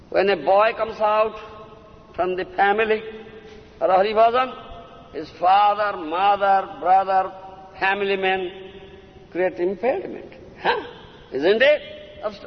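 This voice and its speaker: A man giving a devotional sermon as a spiritual teacher, often checking his listeners with "huh?" and "isn't it?" and rapidly chanting verse lines between his English explanations. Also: sits high, expressive. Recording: dull lo-fi recording in a reverberant hall.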